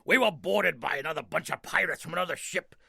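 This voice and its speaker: A man's voice: on the high side, quick pace, vocal fry, bright, forceful tone, slightly rough, no room sound, clean studio sound, full character voice. A man putting on a hearty old pirate. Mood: boastful. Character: gruff old male pirate, boastful.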